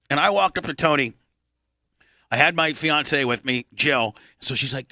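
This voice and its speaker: Forceful, profane radio host in his 50s. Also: a little high, measured pace, dry recording, studio quality. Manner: profane, rambling, clears throat often. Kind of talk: casual storytelling on a talk show.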